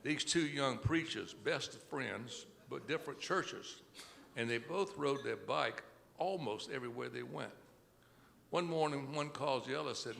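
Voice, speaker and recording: A man telling clean jokes to an audience at a country club, acting out each character in an unhurried storytelling manner. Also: mid-range voice, vocal fry, fairly bright tone, in a large hall. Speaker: inspirational speaker telling jokes. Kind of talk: stand-up joke telling. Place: country club event room.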